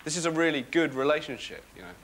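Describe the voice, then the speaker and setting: On a noisy TV broadcast recording, a sitcom lead delivers comic monologue and dialogue as an insomniac, neurotic young man given to self-deprecating rambles. He talks fast, with a fairly high, somewhat bright voice and lively intonation.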